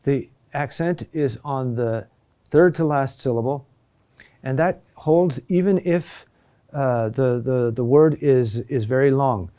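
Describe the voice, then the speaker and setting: A man teaching a class on Gregorian chant, speaking in a halting way with many pauses and restarts. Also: mid-range voice, dark tone, smooth. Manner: slow, halting delivery with many fillers and restarts. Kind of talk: classroom lecture.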